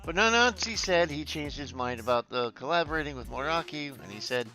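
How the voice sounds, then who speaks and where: A man streaming casually, chatty and quick to laugh, swearing freely and stumbling as he reads news and chat aloud. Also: on the high side, lively intonation, pushed and bright.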